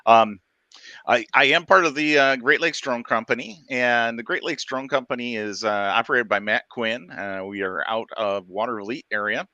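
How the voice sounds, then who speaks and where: A man being interviewed as a guest, explaining in a measured way with frequent ums. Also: mid-range voice, pushed and bright, dry recording, highs cut off. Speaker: guest, drone regulatory affairs director. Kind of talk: interview answers.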